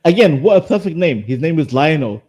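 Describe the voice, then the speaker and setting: A man co-hosting a loose group chat, with a lively, swinging pitch that sits a bit high. He teases the others and often trips over his words, repeating them. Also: a little fast, slight background noise. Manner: animated, teasing, stumbles and repeats words. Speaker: co-host.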